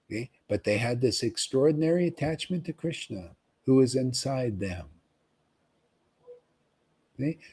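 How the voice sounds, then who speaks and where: A man giving an informal, rambling devotional talk to followers, often pausing to ask "see?" and repeating himself. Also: mid-range voice, lively intonation, a little mellow, breathy edge. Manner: conversational, rambling, repeats words and asks "see?". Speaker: spiritual teacher.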